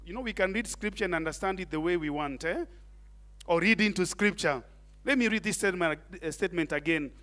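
A middle-aged man preaching a sermon, animated, tossing in Swahili asides and questions to the congregation. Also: high-pitched, fairly quick. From Kenya. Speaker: pastor.

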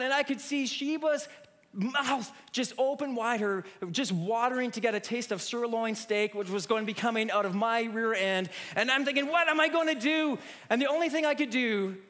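Male preacher, higher voice, lively storytelling sermon, restarts often. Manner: animated storyteller, many restarts.

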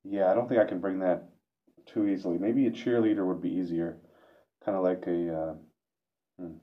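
A man's voice: deep voice, steady tone, moderate pace. A man vlogging a reflective monologue, hesitant and self-questioning, with frequent restarts. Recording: dull lo-fi recording.

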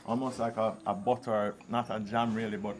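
A Jamaican man with a Jamaican accent, explaining local food in a relaxed, agreeable way on a restaurant terrace. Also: fairly low pitch, fairly quick, a little hiss or hum.

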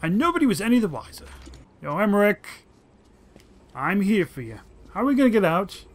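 Brief: high-pitched male let's-player, excitable, swears a lot, chatty play-by-play. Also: fairly quick. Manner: excitable, profane, talks to his dog companion. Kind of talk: casual gameplay commentary.

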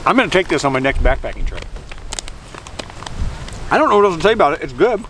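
A man with a slightly raised pitch chats loosely through a food review, tossing in jokey asides. He is sitting outdoors by the water, caught on a camera mic. Passing vehicles and outdoor noise are clearly heard behind him. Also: sing-song, fast talker. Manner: rambling, chatty, jokey asides.

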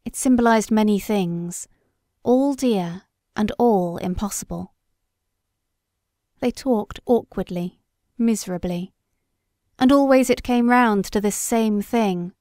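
A woman narrates a classic story in a measured, steady voice at a mid pitch. The recording is dry and close, with no room sound around her. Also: no room sound. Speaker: audiobook reader. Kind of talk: scripted literary narration.

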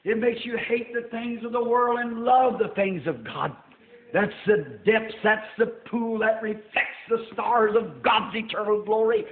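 An older man preaching a sermon in a church, folksy and rising to shouts. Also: high voice, a little slow. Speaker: pastor. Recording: tinny roomy old sermon tape.

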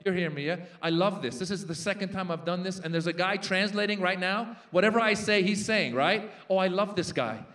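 A stand-up comedian in his forties works a festival stage, his voice sitting high for a man. He jumps into quick, animated character voices to land each punchline. The delivery is brisk and built for a live crowd. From Iranian-American.

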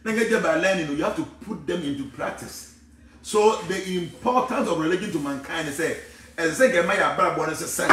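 Guy on a live stream switching twi and english, kinda high voice, sounds far off from the mic in an echoey room, faint hiss. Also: fairly quick, fairly bright tone. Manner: mixes Twi and English, rises to emphatic preaching. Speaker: spiritual teacher answering live viewers. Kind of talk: live stream talk, reading viewer comments aloud. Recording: roomy echo, voice far from mic, faint background noise.

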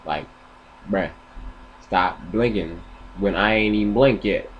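A man's voice: on the low side, slow, muffled recording, slight background noise. A man vlogging, rambling and joking in casual slang. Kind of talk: casual comedic commentary.

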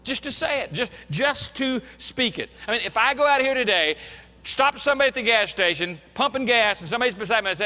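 High, bright-voiced male preacher. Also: lively intonation, brisk, big-room sound. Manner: earnest, emphatic preaching with repetitions. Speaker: pastor. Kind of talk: sermon. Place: church sanctuary.

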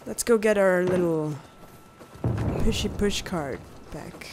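A woman playing a story game and commenting in a loud, profane, exasperated way, with game music and gunfire behind her. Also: lowish voice, slow pace, noisy background. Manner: loud, swearing, exasperated outbursts. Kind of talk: profane let's-play commentary.

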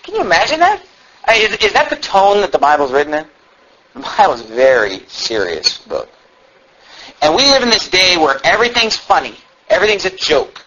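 High, bright-voiced fiery preacher man. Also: breathy edge. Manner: shouts and climbs high when fervent, mocking asides. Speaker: pastor. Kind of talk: fiery sermon. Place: church. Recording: dull low-fidelity church recording, faint hiss.

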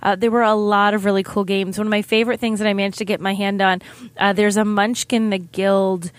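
A woman's voice: mid-range voice, level tone, brisk, no room sound. A middle-aged woman hosting her own podcast segment, telling a chatty, upbeat story about a convention. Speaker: segment host.

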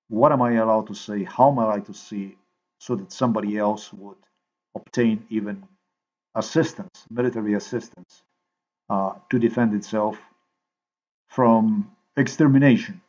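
Rambling man with a low voice. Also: steady tone, darkish tone, highs cut off. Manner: repetitive, halting, thinks aloud with many fillers. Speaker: video maker. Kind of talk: rambling monologue while editing a video.

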